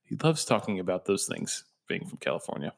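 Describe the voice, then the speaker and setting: A man's voice: deep voice, big pitch swings, fairly quick. A young man co-hosting a podcast in casual, playful chat, joking and mixing up his inflection. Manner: playful, jokey, shifts inflection for effect. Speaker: podcast co-host.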